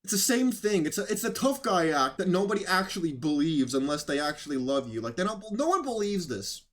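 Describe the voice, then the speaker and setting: A man's voice: high voice, very animated, brisk. A man hosting casual political commentary, sarcastic and rambling, who mocks others by putting on voices. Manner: rambling, with restarts.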